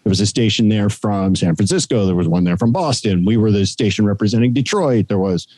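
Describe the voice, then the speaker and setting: A man's voice: on the low side, a little fast, no room sound. A man, a longtime radio broadcaster, telling stories in a casual interview. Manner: storytelling, animated anecdotes.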